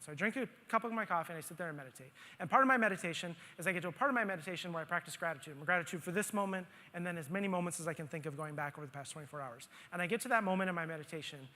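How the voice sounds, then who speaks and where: A man speaking at a conference, telling a story from his own life in an animated way and acting out his own grumbling. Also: fairly high pitch, very fast. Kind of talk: storytelling talk on stage. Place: conference hall stage. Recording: long hall reverb.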